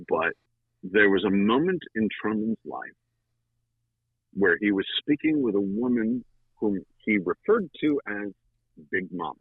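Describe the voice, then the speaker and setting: Gravelly low-voiced man telling a story. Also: dry recording. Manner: animated, with dramatic pauses and fillers. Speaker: guest, audiobook narrator. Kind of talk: conversational storytelling. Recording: tinny phone-like line.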